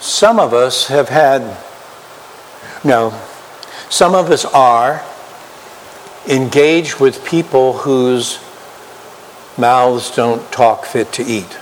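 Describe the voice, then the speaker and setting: Slow, deliberate male preacher in a hall. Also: mid-range voice. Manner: slow, emphatic preaching with rhetorical questions. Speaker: pastor. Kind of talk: sermon. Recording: long hall reverb, faint room noise.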